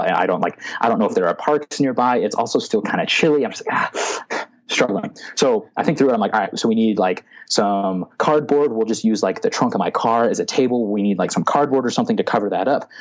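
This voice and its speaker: Rambling man telling a story. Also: fairly low pitch. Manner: rambling, many "like" fillers. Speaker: podcast guest. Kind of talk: casual storytelling.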